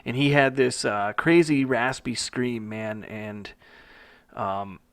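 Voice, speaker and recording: A young man co-hosting a podcast in easy, profane casual chat. He tells stories with animated put-on quotes and laughs often. His voice sits at an ordinary middle pitch. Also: takes it slowly, dry recording. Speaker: podcast co-host.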